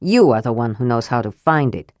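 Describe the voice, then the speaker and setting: A woman's voice: extremely low pitch, expressive, a little fast, a little mellow, no echo, studio quality, voice pushed down. A woman voicing an impatient, haughty young man in an audiobook, speaking coldly and stiffly. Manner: cold and stiff. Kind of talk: audiobook character voice.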